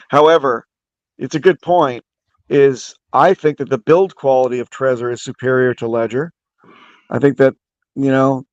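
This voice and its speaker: A man's voice: mid-range voice, clean tone, no room sound, highs cut off. A man hosting a casual voice-chat discussion, explaining his views at length with frequent restarts.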